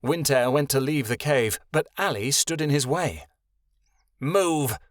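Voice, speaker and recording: A man narrating a young-adult fantasy audiobook in a steady storytelling manner, giving each character its own voice. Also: mid-range voice, normal speed, no echo, clean studio sound. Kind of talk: scripted narration.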